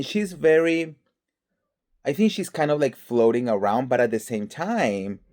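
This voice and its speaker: A man talks reality TV gossip in a loose, chatty way, tossing in "girl" and "okay" every few breaths. His voice is mellow and warm, pitched in an ordinary middle range. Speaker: host. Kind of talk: casual pop culture commentary.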